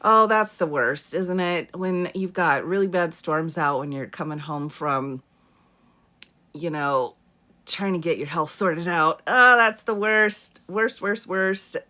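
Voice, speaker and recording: A woman's voice: on the low side, takes it slowly, bright, forceful tone. A woman attorney hosting a live question-and-answer stream, chatting casually, greeting viewers by name and laughing often. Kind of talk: casual live-stream chat reading comments. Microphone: phone or webcam for a live stream.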